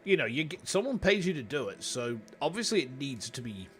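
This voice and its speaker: A young man with a Yorkshire accent rambles to his chat as a VTuber, giving casual commentary on a city-building game. His mid-range voice is sing-song and brisk, fairly bright, with slight background noise.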